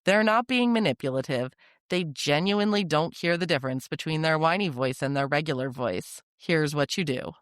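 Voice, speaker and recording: A podcast host giving calm, direct, scripted parenting advice in an instructive way. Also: mid-range voice, moderate pace, no room sound, clean studio sound.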